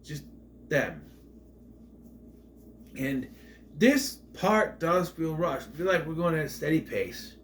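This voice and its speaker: A man casually reviewing a movie in a rambling, offhand way, retelling scenes in quoted voices and breaking into loud mock outrage. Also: fairly high pitch, very animated, takes it slowly, long pauses, slight background noise.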